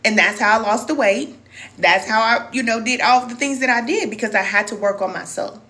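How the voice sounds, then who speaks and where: A middle-aged woman with a bright, forceful voice, a little higher than most, speaks in a casual live-stream chat. She talks to her viewers with heartfelt emotion, reads their comments and calls them cousin as a spiritual wellness teacher. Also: brisk.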